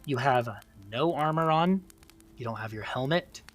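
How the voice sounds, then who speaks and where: A man's voice: medium pitch, expressive, normal speed, fairly bright tone. Brief: man as game master narrating a scene, casual and rambling, faint music bed. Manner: rambling, many fillers like "um" and "like".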